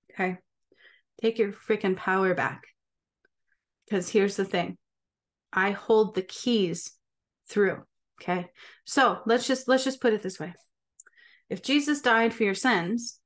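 A woman speaking casually and emphatically to camera as a spiritual healer, often checking in with her listeners. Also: medium pitch. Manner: emphatic, with frequent rhetorical check-ins. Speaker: spiritual healer and channel host.

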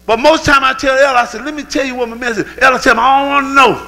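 High-voiced fervent preacher man. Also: steady tone, very fast, big-room sound, rough recording. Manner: fervent preaching, swings from shouts to low growls. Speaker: pastor. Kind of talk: sermon. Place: church sanctuary.

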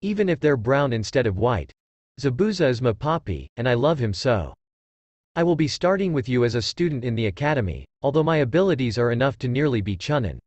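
A man reading aloud and voicing a shy, sweet young girl ninja who speaks gently and politely. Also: mid-range voice, sing-song, brisk, no room sound. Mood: gentle.

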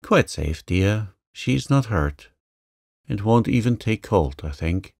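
A man reading the part of a calm, gentle middle-aged mother who speaks tenderly, in a storybook reading. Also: fairly low pitch, slow pace, creaky, no echo, studio quality, full character voice. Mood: soothing. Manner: soothing, tender.

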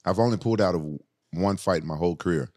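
Low-voiced and fast-talking, this middle-aged fighter trades stories in a relaxed conversation. He swears a lot and narrates with animated, foul-mouthed energy.

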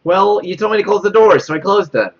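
This is live gameplay commentary from a young man playing a horror game, who talks fast and expressively. He panics, gives nervous laughs, and repeats lines as he reads chat aloud, all through a muffled, cheap-sounding microphone.

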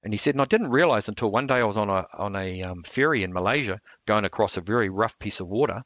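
A man, telling stories in a relaxed interview, rambling with lots of fillers and restarts. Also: lowish voice, fast talker, no echo, dull audio. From New Zealand. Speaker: martial arts instructor.

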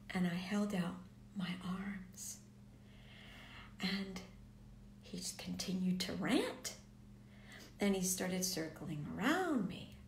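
Woman telling her own story real slow, goes almost whispery a lot, echoey room w/ faint hiss. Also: mid-range voice. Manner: soft, often dropping to a near whisper. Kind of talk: personal story told to viewers.

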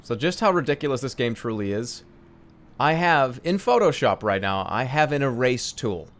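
A man's voice: mid-range voice, sing-song, normal speed, fairly bright tone. A man giving sarcastic, exasperated let's play commentary, swearing and laughing at a glitchy game. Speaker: gaming commentator.

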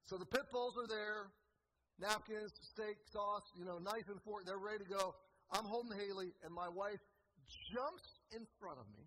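Animated man preaching with humor. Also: high voice, moderate pace, long reverb tail, slight background noise, low-quality recording. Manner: animated, swings between quiet asides and loud excited telling. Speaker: assistant pastor, conference preacher. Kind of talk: humorous sermon storytelling. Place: church conference hall.

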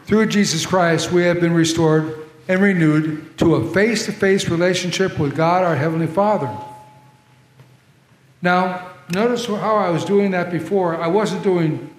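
Speaking at a measured pace, a man with a high-sitting voice preaches in a large sanctuary, keeping it conversational with remarks aimed at the congregation. The sound comes through a problematic handheld or body mic, wrapped in the long reverb of an echoey church hall.

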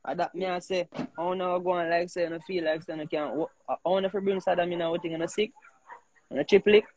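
A man with a Jamaican accent talking in patois in a rambling, animated casual chat, leaning on "you know" again and again. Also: high-pitched, fast, a little hiss or hum.

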